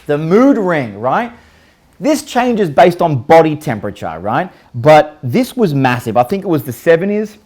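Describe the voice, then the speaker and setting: A man's voice: fairly high pitch, measured pace. Guy hosting a live show, hyped countdown, jokey, keeps asking the viewers stuff, swears a bit. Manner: energetic, jokey countdown, rhetorical questions, occasional swearing. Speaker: show host. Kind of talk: live online show, casual chat.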